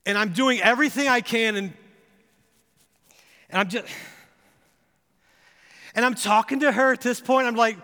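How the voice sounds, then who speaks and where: A pastor preaching a sermon, telling a personal story with earnest, building intensity that rises to impassioned pleas. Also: male voice, very high-pitched, normal speed, long pauses, pushed and bright. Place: church sanctuary. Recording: long reverb of a church hall.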